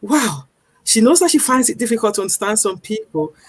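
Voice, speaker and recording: A woman's voice: fairly high pitch, sing-song, fairly quick, breathy edge, dry recording. A woman speaking as a guest campaigner, earnest and persuasive, stressing her points and repeating them. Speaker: guest campaigner on accent discrimination. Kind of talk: earnest studio talk. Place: lives in northern England.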